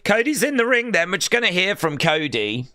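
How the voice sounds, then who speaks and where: A man hosting a live watch-along stream, reacting excitably to the action and reading out viewer chat messages. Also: high voice, a little fast. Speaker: livestream host.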